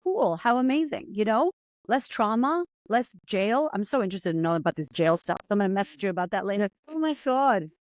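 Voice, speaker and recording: A woman guest in an interview, a confidence coach who talks in an animated, emotional way, laughing and acting out little voices. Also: medium pitch, quick pace, dry recording. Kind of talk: casual conversational interview.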